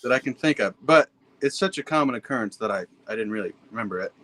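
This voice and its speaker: A man's voice: mid-range voice, expressive, quick pace, fairly bright tone, poor audio. A man from Pennsylvania, a podcast guest, telling stories in a laid-back, blunt and profane way. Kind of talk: casual storytelling chat.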